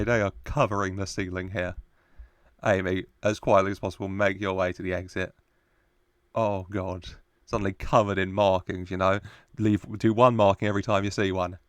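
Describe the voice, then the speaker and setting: A young man chats his way through a TV episode, playful and quick to laugh. His voice sits low. The recording is dry and close. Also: fairly bright tone, no room sound. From United Kingdom. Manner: chatty, laughs often, playful asides. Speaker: reaction video host. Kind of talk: casual commentary on a TV episode.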